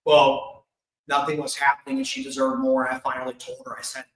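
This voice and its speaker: A man candidly sharing a personal story with an audience, open and emotional, with quick flashes of humor. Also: mid-range voice, little pitch movement, a bit bright. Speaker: speaker sharing his life story. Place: event hall at an expo. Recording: echoey hall.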